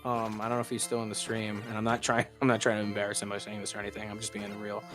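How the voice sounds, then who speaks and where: A man's voice: fairly low pitch, completely flat delivery, rapid-fire, a bit bright, faint music behind. A man hosting a livestream, chatting casually and rambling with lots of fillers. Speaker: streamer host. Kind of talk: casual chat.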